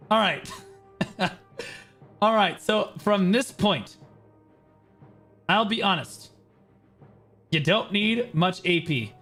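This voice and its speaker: In casual livestream commentary, a man with a fairly high, fairly bright voice walks viewers through a game gearing guide. He's brash and profane, explaining in quick bursts and tagging his points with "okay."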